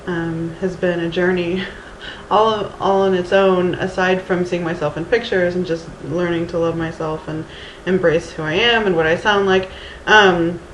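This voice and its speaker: Speaking in a lowish voice over slight background noise, this thirty-something vlogger from Houston, Texas tells a rambling storytime tale with Valley Girl inflections, frequent ums and false starts. She talks into her camera mic in a roomy space with faint ambience.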